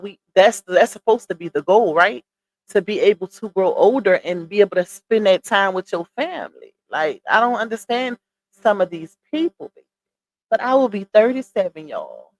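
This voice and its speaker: Southern woman in her thirties, talkative live stream host, chats with viewers casually. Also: lowish voice. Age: 30s. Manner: chatty, shouts out viewers by name, reads comments aloud; laughs often, Southern slang like "child" and "y'all".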